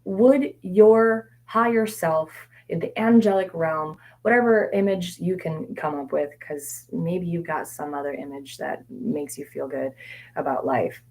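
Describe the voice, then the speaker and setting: A woman with a low voice and a gravelly, fry-laden edge answers viewer questions as a mindset coach. She talks candidly and meanders through fillers and restarts, and sometimes drops her voice to soft, near-whispered repetitions. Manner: candid, meandering, frequent fillers and self-corrections. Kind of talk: live Q&A session.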